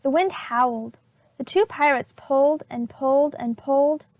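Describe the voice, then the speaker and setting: A woman teacher reading a chapter book aloud to preschool children, slow and expressive. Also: high-pitched, no echo.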